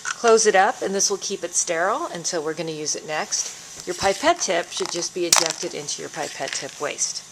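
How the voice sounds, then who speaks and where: A woman giving a calm, step-by-step biology lab demonstration as an instructor. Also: lowish voice, moderate pace, noisy background.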